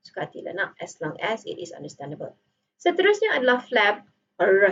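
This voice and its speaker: In a recorded online lecture on phonetics, a woman with a Malaysian accent speaks at normal speed in a fairly high, very animated voice. She's playful, switching between Malay and English as she demonstrates sounds. The mic is far away and the audio is dull.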